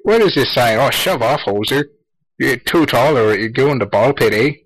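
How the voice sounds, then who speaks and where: A man's voice: mid-range voice, animated, moderate pace, slightly rough, no room sound, rough recording. A man putting on an overdone version of his own Canadian accent to play a brash, beer-loving hoser who ends his phrases with a tag question. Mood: mock-gruff. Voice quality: exaggerated drawl ending phrases in a tag question.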